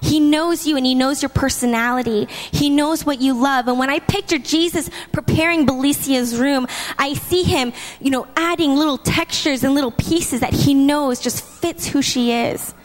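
A woman with a high, bright-sounding voice delivers a lively, chatty sermon. Her words carry a long reverb, as if spoken in a large church hall. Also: normal speed, few pauses. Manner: lively, chatty, laughs between points. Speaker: preacher.

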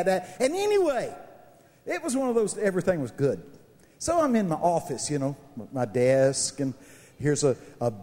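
Animated, joking preacher man in a reverberant hall. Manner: animated, joking, swings between high shouts and low asides. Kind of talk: humorous sermon.

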